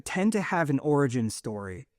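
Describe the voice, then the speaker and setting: A middle-aged man in the host's chair, feeling his way through long thoughts with lots of likes and restarts. His voice sits in a middle pitch and is recorded dry and close, with no room sound. He talks in an easy, casual way. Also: very animated, normal speed, a little mellow, no room sound. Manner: rambling, searching for words with many fillers and restarts. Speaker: podcast host. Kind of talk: casual conversational interview.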